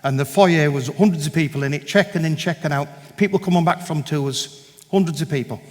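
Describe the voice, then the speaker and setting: A man giving a personal testimony at a church gathering, telling his story in an animated way and acting out the conversations in it. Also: a little high, fairly quick. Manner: animated storyteller who acts out dialogue. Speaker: guest speaker giving a testimony. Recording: echoey hall with long reverb.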